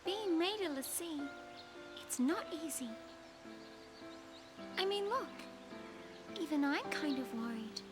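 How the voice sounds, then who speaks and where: A bubbly, teasing young game heroine with a deliberately overdone Australian accent. Her voice sits very high and swoops all over as she draws out her words slowly, with game music playing clearly beneath her. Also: very animated, exaggerated voice. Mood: wistful. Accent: exaggerated Australian. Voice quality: sing-song, hammed-up. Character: perky bubbly young woman, playful teasing.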